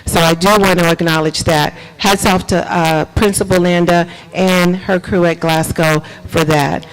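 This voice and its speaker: Speaking into a table mic at a public board meeting, a school superintendent delivers announcements in a clear, resonant mid-range voice with little pitch movement and normal speed. He sounds like a preacher, hammering key points repeatedly and quizzing listeners, in a low-quality recording.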